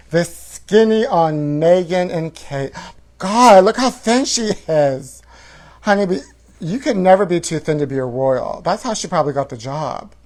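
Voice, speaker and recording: A man's voice: fairly high pitch, expressive, a little slow. A man hosting a comedy show, reading tabloid headlines aloud in a campy, sassy, gossipy way and calling the listener honey.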